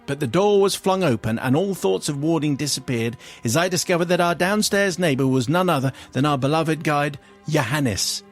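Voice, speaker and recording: A man's voice: moderate pace, few pauses, faint music behind. A man, a radio host, reading a listener's funny letter aloud with comic flair. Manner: comic storytelling, swings into high squeals for the letter writer's cries. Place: radio studio.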